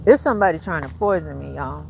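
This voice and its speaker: A woman's voice: sits low, expressive, quick pace, gravelly, darkish tone, slight background noise. A woman vlogging in a casual monologue, rambling and emphatic, swearing often and calling her viewers y'all. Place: rented home.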